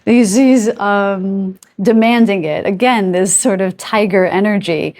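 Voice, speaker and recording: This tarot card reader is a woman whose mid-range voice runs a little slow and a little mellow. Doing an intuitive reading for the camera, she chats and gropes aloud for words, pausing between comments to request messages from her spirit guides.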